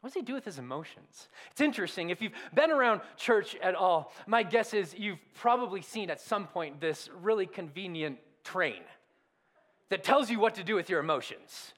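High-voiced man preaching a sermon. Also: animated, moderate pace, fairly bright tone. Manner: conversational, self-deprecating preaching with rhetorical questions. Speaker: pastor.

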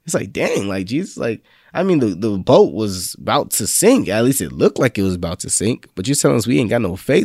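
Young guy preaching casual, slangy and fired up, lowish voice, dry close sound. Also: big pitch swings, brisk, hardly any pauses, darkish tone, breathy edge, no echo. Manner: laid-back slangy preaching, rising to fervent confessions. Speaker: faith vlog host. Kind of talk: casual motivational faith talk.

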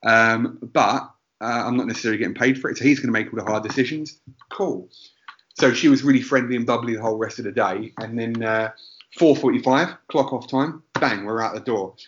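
A man's voice: medium pitch, a little fast, a bit bright, lo-fi sound. Sweary man telling a rambling story. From England, Essex. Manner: rambling, sweary, self-interrupting. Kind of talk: casual comedic storytelling.

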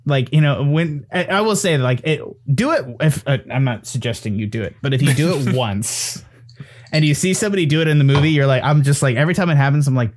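Rambling, animated man in casual chat. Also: a little high. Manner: animated, rambling, swears and laughs often. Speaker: podcast film reviewer.

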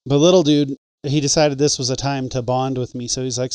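Male co-host, smooth clear voice, jokey and profane anecdotes. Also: mid-range voice, little pitch movement, a little fast, darkish tone, no room sound. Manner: swearing, joking, quotes people in his stories. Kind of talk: casual storytelling chat.

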